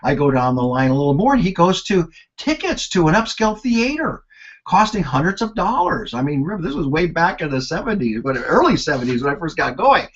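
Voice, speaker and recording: An older man in his sixties leads a sales and marketing lesson with a husky, slightly rough voice. His delivery is lively and anecdotal, rising and falling as he tells stories. The sound is dull and lo-fi, like webinar audio. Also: on the high side, fairly quick. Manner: animated, anecdotal storyteller. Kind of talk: storytelling lesson.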